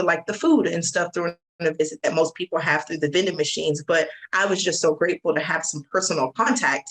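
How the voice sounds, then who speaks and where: A woman's voice: on the low side, poor audio. A woman from the USA, a podcast guest telling her own story candidly and earnestly in an interview. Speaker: guest, advocate. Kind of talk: interview recounting personal experience.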